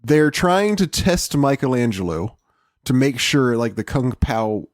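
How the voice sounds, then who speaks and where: A man co-hosting a podcast, excitable and quick to laugh, swearing casually as he chats. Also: medium pitch, no echo, clean studio sound. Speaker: podcast co-host.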